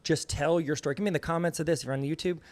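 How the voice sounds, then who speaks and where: A man's voice: on the high side, fairly even intonation, very fast, darkish tone. A man with a Southern US accent hosting a casual conversation, telling stories with enthusiasm. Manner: enthusiastic storytelling. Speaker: host.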